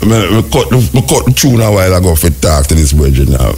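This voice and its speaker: A man's voice: low-pitched, big pitch swings, fast talker, mellow, slightly rough. A man with a Jamaican accent hosting a radio phone-in, lecturing in an exasperated, sing-song way. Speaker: radio host.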